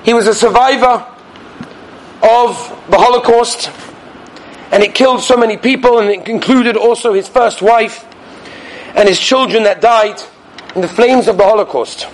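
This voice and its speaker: A man giving a Torah sermon as a rabbi, animated and swinging between loud stresses and hushed asides. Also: very high-pitched.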